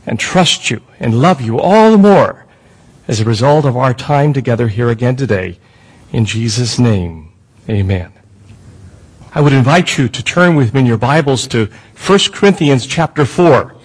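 Male pastor preaching, emphatic, lots of questions to the crowd, swoopy pitch. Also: breathy edge, poor audio. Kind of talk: sermon.

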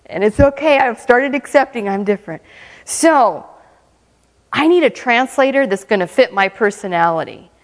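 A woman with a somewhat high voice tells her mission testimony in an animated, humorous way, laughing often as she goes. Her voice rings with the long reverb of a church hall. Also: normal speed. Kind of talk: lively testimony talk.

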